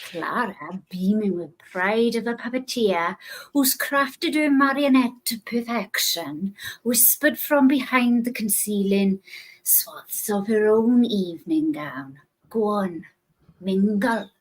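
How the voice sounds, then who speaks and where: A woman with a Welsh accent, a podcast guest reading a story aloud in a measured way. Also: mid-range voice, lively intonation, poor audio.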